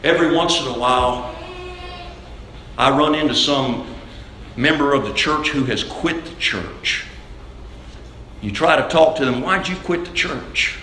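A man's voice: medium pitch, a little slow, long pauses, pushed and bright, a little hiss or hum. A man preaching a sermon with emphasis, repeating key phrases to drive them home. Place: church sanctuary. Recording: very echoey church hall.

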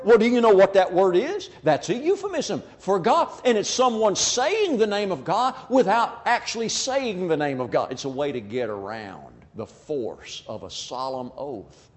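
A man's voice: sits high, lively intonation, moderate pace, few pauses. A man preaching a sermon, speaking emphatically and acting out quoted people as he makes his point. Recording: long hall reverb.

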